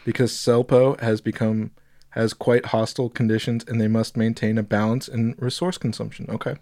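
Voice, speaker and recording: Steady man reading aloud, dry sound. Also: lowish voice, normal speed, dry recording. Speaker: podcast co-host. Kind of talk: casual podcast chat, reading aloud.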